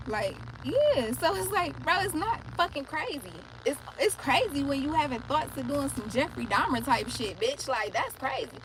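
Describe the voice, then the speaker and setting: Young woman, artist, rambling profane monologue; slightly high voice; heavy engine noise behind. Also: lively intonation, moderate pace. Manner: blunt, profane, rambling with many fillers. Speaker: recording artist. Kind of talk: casual monologue to camera. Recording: loud vehicle noise behind.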